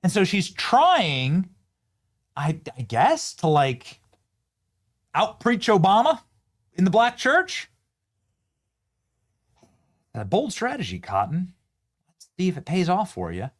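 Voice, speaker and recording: A man hosting a political commentary show, mocking and animated, often breaking into laughter. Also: sits high, takes it slowly, pauses often. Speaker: host.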